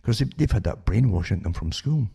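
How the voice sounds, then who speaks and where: A man's voice: on the low side, expressive, fairly quick, gravelly, warm tone, breathy edge. An older man hosting a talk radio show, rambling with many restarts and sarcastic asides that end in "eh?".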